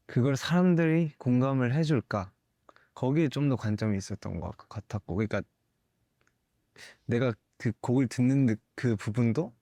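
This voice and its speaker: A young man, a singer, giving candid interview answers in a thoughtful, halting way with soft laughs. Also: mid-range voice, no echo.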